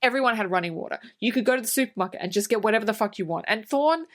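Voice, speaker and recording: A woman co-hosting a podcast, casually retelling film scenes with lively, swearing commentary. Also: a little high, rapid-fire. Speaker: podcast co-host. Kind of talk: casual film-review chat.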